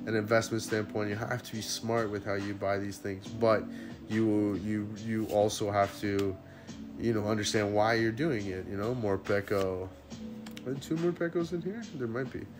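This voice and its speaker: A man hosts a casual card-opening video, talking straight to his viewers. He is excitable, his voice leaping up high at good pulls before sinking back to soft murmurs. Music plays clearly behind him. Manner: excitable, jumps up high when hits appear, then drops to low murmurs. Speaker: card-opening channel host. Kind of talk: casual unboxing chat to viewers. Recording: music playing under the voice.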